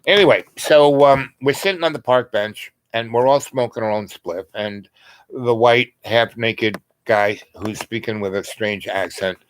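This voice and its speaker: A man's voice: medium pitch, unhurried, dry recording, rough recording. A man telling a long story in a casual, rambling way, full of asides and fillers.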